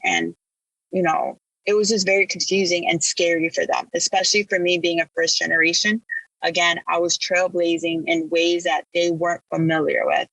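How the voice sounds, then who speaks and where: A woman from Illinois recounts her path as a podcast guest, candid and emphatic in her storytelling. Her voice is bright and edged with gravelly fry, and the sound is dry and close. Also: on the low side, fairly even intonation, moderate pace, no echo, low-quality recording. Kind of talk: personal storytelling in an interview.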